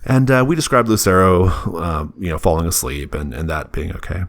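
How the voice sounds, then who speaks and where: Deep-voiced man running a tabletop game. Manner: relaxed, halting descriptive narration. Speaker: game master.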